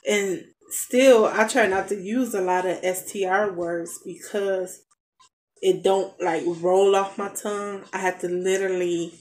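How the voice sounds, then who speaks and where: A woman's voice: medium pitch, steady tone, unhurried, a little mellow. A woman in her thirties telling a rambling story in casual chat, with asides to her kids, in a noisy home. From United States. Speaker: family vlogger, mother. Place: home basement.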